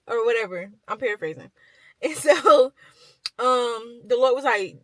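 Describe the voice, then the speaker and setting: A woman's voice: a little high, moderate pace, dry recording, poor audio. A young woman vlogger chatting as she retells a Bible story, with lots of fillers and slang.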